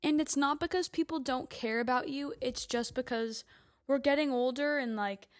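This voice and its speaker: Chatty young woman, slightly high voice. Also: normal speed. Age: 20s. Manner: chatty, lots of "like" fillers, emphatic. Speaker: podcast host. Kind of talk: casual monologue.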